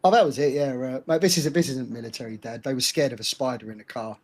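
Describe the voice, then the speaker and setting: A man's voice: medium pitch, steady tone, quick pace, a little mellow. A middle-aged man, co-hosting a casual podcast and telling stories bluntly, with frequent laughs. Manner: laughing, blunt storyteller with mild swearing. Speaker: podcast co-host.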